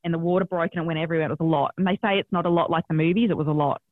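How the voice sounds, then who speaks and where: A woman's voice: lowish voice, racing, no echo. Australian woman telling a story over a tinny line. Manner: animated, swears freely, acts out what people said. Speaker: podcast guest. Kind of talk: casual interview storytelling.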